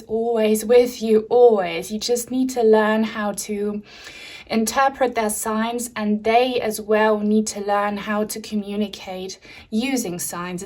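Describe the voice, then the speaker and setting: A young woman speaks to her viewers during a spiritual tarot reading, unhurried and calm. Her voice is soft and soothing, and she keeps reassuring them gently. She sounds a little out of breath. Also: a little high. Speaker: tarot reader.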